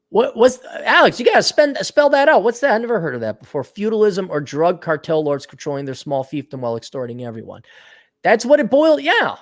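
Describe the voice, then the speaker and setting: A middle-aged man hosting a solo podcast, talking casually and bluntly with lots of profanity and sardonic asides, just woken up. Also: high voice. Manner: blunt, profane, sardonic, laughs at own jokes. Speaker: podcast host. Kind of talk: casual solo podcast rant, reading listener donations.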